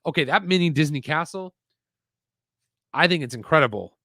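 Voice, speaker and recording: A man's voice: on the high side, expressive, moderate pace, bright, forceful tone, no room sound, clean studio sound. A man hosting a casual live stream while building a toy set, chatting loosely and reading out viewer comments. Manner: chatty, rambling, reads chat aloud. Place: home desk setup with screens.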